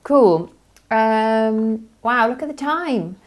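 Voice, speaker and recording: A woman's voice: on the high side, animated. Woman reading out viewer questions. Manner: brisk, reads out questions from the chat. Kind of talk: live Q&A stream.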